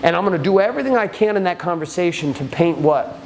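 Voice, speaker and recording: A man's voice: fast talker, slight background noise, poor audio. A man coaching a men's group in blunt, profane talk, often acting out what people say. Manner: swears often, shifts into acted quotes, lively pitch.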